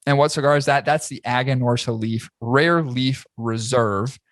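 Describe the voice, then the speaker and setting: At a moderate pace in a mid-range voice, a man hosts a casual podcast conversation, recorded dry with studio quality. He curses freely and tells energetic, animated stories.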